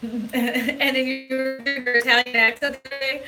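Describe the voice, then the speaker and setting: A woman's voice: high-pitched, little pitch movement, measured pace, over music, low-quality recording. A woman real estate agent chatting casually on a live stream from a hotel room, giggly and rambling, recorded on a phone. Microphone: phone camera.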